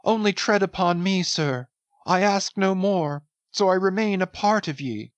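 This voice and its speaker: A woman's voice: mid-range voice, unhurried, no room sound, dull audio, natural voice. A woman voicing a devoted, half-mad young cabin boy, pleading and rambling feverishly. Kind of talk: dramatic audiobook reading.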